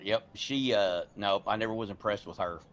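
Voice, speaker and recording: A man's voice: fairly low pitch, moderate pace, a little hiss or hum. A man chatting casually with friends, sharing movie trivia and laughing at his own impressions. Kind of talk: casual chat.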